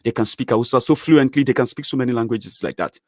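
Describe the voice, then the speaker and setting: Animated Nigerian man with a Yoruba accent. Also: medium pitch, fast talker, no echo, clean studio sound. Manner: animated, chatty, many fillers, lively rising swings. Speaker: channel host. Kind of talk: casual commentary monologue.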